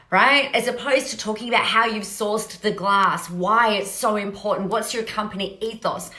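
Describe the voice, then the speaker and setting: A woman's voice: mid-range voice, normal speed, hardly any pauses, pushed and bright. A woman hosting a solo podcast, talking energetically in a rambling, casual way and often checking in with "right?". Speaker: podcast host. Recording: roomy echo.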